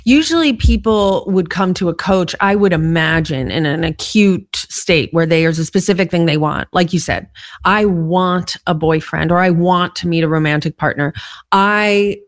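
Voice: medium pitch, normal speed, no echo. Podcast host with a mid-range voice who asks thoughtful follow-ups, recorded dry. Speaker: podcast interviewer. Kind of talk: conversational interview.

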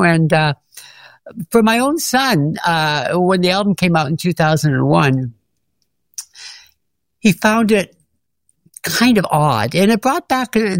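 Older man with a gravelly voice. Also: fairly high pitch, dry recording, studio quality. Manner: warm storytelling, laughs often. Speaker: former music teacher, interview guest. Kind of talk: reflective interview.

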